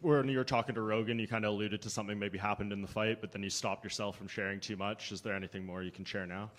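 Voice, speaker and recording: Quick, low-voiced male reporter. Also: fairly even intonation, fairly bright tone. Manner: direct, matter-of-fact questions.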